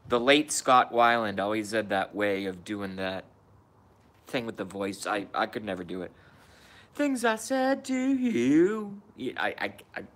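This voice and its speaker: A man's voice: on the low side, sharp tone. A man casually chatting on a live stream, grumbling and cursing at himself. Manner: profane, self-deprecating grumbling. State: hiccups.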